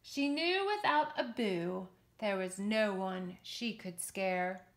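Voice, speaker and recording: A woman's voice: mid-range voice, slow pace. Sing-song woman reading to children. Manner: expressive, sing-song, encouraging. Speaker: children's yoga and story teacher. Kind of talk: reading a picture book aloud to children.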